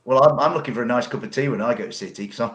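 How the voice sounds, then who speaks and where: A man's voice: mid-range voice, racing, a bit bright, dull audio. A man talking football as a podcast guest, earnest and rambling, with colourful phrasing. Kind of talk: casual football podcast chat.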